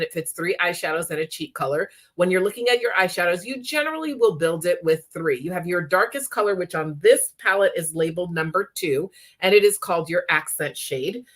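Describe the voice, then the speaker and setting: A woman demonstrating makeup in a live tutorial, talking chattily and often checking in with her viewers. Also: lowish voice. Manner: chatty, checks in with frequent "okay?".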